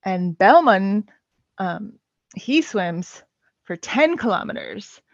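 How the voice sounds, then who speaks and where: Though very animated, this woman takes things slowly as a podcast guest, her mid-range voice hesitant and full of fillers in casual conversation. The sound is dull, lo-fi and dry, with no echo.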